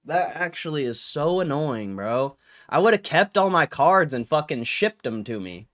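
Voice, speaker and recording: A man's voice: fairly high pitch, sing-song, moderate pace, a bit bright. A young man hosting a livestream, ranting in an annoyed, swearing way with frustrated laughs. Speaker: livestream host. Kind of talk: casual livestream rant.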